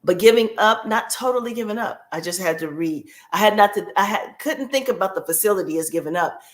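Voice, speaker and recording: A woman's voice: medium pitch, lively intonation, brisk. A woman guest on a podcast, telling a personal caregiving story in a heartfelt way and repeating key phrases for emphasis.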